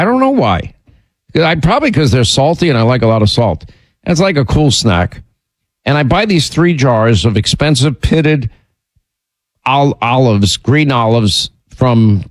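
Animated, rambling man hosting a radio show. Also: no room sound. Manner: animated, rambling, jumps up in pitch when indignant. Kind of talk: casual on-air storytelling.

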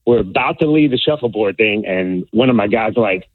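A man's voice: lowish voice, normal speed, hardly any pauses, dry recording. A man calling in to a radio show, telling laid-back stories in casual chat. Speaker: caller. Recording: tinny phone line.

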